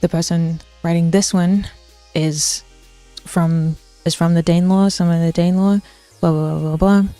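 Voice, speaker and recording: A woman's voice: lowish voice, steady tone, normal speed, dark tone, dry recording, faint music behind. A young woman streaming, rambling through a casual linguistics rant with lots of fillers and restarts while answering chat.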